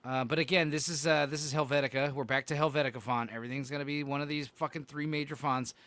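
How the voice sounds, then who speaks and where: A man with a bright, slightly high voice, chatting casually on a podcast. He swears freely and tosses off quick reactions. The sound is close and dry, with no room around it. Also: fairly even intonation, no room sound. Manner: profane, offhand, reacting to logos. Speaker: podcast host. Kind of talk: casual chat.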